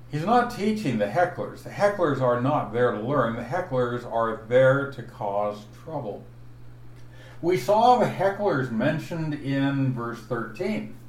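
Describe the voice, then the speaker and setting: A man preaching an expository Bible sermon, teaching slowly and deliberately and stressing each verse he points to. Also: mid-range voice. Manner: slow, deliberate teaching with emphatic verse references. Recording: echoey room, voice from afar, faint noise.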